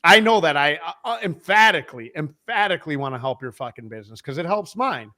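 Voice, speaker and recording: A man's voice: on the high side, animated, fast, pushed and bright. A man on a podcast as a guest, talking casually in a profane, emphatic, rambling way about selling. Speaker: podcast guest, head of sales.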